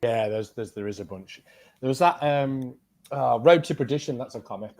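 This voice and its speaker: A man's voice: mid-range voice, moderate pace, darkish tone. A man chatting casually on a video call, making short dry remarks. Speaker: podcast co-host. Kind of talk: casual chat.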